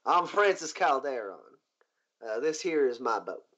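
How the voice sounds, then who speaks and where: A man's voice: medium pitch, very animated, unhurried, a bit bright, dull audio. A man voicing a genial, polite male boat owner with a courteous folksy drawl in a tabletop game.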